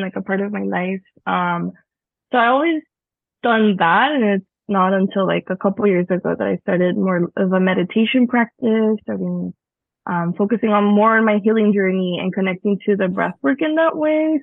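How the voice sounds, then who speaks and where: Guest from Mexico, gravelly voice, casual and reflective, dry tinny phone-like line. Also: female voice, mid-range voice, no room sound. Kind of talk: podcast interview over remote call.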